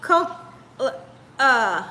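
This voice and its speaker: A woman with a high, lively voice chats slowly with viewers on her cooking live stream. She giggles often between remarks and sounds tired. Her tone is bright and clear. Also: slight background noise. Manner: giggly, laughs often while reading comments. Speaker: cooking show host. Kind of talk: casual live-stream chat.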